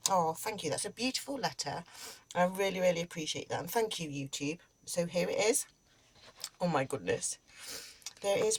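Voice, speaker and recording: A woman who makes crochet videos, halting and teary as she talks through an unboxing, with many ums and restarts. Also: medium pitch, breathy edge, low-quality recording. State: teary and emotional. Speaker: crochet YouTuber. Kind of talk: casual unboxing vlog.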